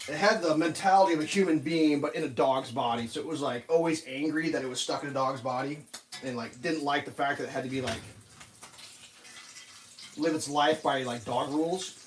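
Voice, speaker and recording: High-voiced man rambling through stories. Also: brisk. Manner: rambling, animated, laughs at his own stories. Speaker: streamer cooking breakfast. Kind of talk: casual storytelling while cooking.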